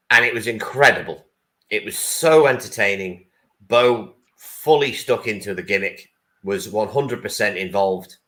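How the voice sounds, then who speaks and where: A man's voice: fairly low pitch, bright, forceful tone. A man co-hosting a wrestling podcast, chatting casually and with enthusiasm, swearing now and then. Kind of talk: casual chat.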